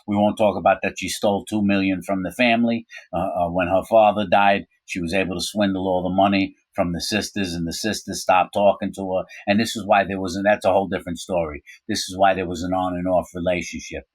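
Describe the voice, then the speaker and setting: A man's voice: low-pitched, fairly even intonation, a little fast, few pauses, no echo, rough recording. A man telling a personal story in a casual, rambling way, full of asides and fillers.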